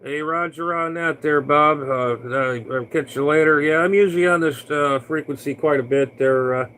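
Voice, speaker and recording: A man's voice: on the high side, fairly even intonation, moderate pace, fairly bright tone, a little hiss or hum, rough recording. A man, a CB radio operator from Florida, chatting casually on air in a folksy, rambling way with lots of fillers.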